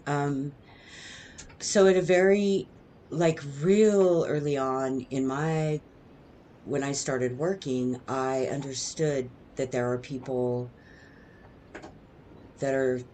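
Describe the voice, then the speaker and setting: A woman's voice: rumbling low, a little mellow, a little hiss or hum. Rambling middle-aged woman telling stories. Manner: rambling, digressive, lots of "right?" tags. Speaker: vlogger. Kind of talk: casual storytelling monologue.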